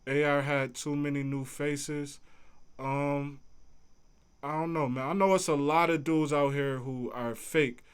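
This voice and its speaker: A man's voice: a little high, steady tone, a little slow, clean tone. A man hosting a casual livestream, answering chat in a laid-back, conversational way. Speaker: livestream host reading chat.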